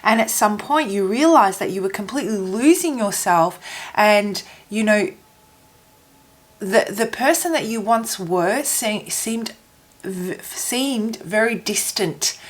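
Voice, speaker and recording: Woman tarot reader, gentle, halting, voice catching in her throat, mid-pitched. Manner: gentle, halting, repeats phrases while searching for words. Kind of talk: intuitive tarot reading to camera.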